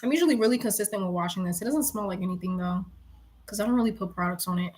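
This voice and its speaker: Talking very fast in a medium, slightly mellow voice, a young woman gives an informal tarot reading. Profanity flows freely, laughter comes often, and she speaks to viewers like pals.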